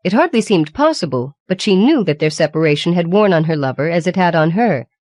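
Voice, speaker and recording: A woman reading a fantasy audiobook in a measured, even storytelling manner. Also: fairly low pitch, no echo. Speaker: audiobook reader. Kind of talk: scripted narration.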